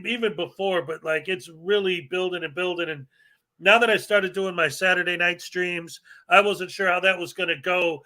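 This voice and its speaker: A rambling, joking man hosts a relaxed livestream chat. His voice runs high for a man. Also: normal speed. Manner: rambling, joking, laughs often. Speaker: host.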